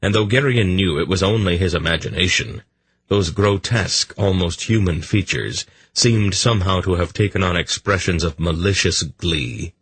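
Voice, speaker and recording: Deep, husky fantasy audiobook narrator. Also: male voice. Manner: even, measured storytelling.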